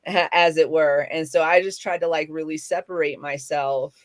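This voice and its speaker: Chatty rambling woman, lowish voice. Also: steady tone, moderate pace. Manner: chatty, rambling, self-correcting. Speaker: co-host. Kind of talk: casual chat.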